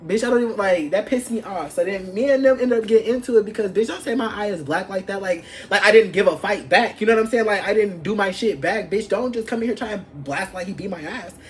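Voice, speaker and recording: A young adult woman vlogger telling an animated, profane story from her past and acting out what people said. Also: medium pitch, quick pace, few pauses, slight background noise. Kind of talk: storytime vlog.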